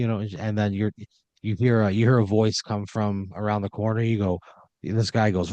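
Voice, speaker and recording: A man narrating an improvised comedy story as game master, deadpan and laid-back with lots of filler words. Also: on the low side, a little fast, no echo, lo-fi sound.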